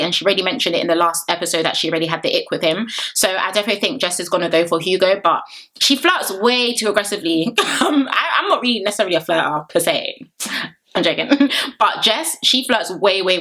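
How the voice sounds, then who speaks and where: A woman, chatting casually as she recaps a reality dating show for her vlog, animated and laughing often. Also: medium pitch. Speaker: reality TV reviewer.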